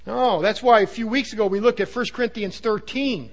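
A man preaching a sermon, earnest and emphatic, sometimes dropping to a low hush. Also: brisk. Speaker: pastor.

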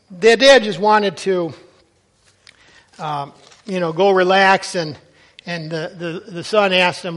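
Middle-aged male pastor, high voice, earnest exhorting sermon delivery. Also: moderate pace, fairly bright tone.

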